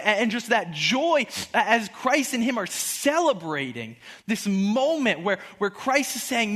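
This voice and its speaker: A man in his twenties giving a sermon through animated storytelling, acting out the quotes in his stories. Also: high-pitched, unhurried, hardly any pauses. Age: 20s.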